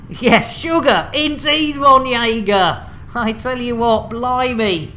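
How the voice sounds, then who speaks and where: A woman's voice: fairly high pitch, slow, sharp tone, slight background noise. Exclamatory woman streaming a game. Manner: exclamatory, playful, chatty. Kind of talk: live gaming commentary.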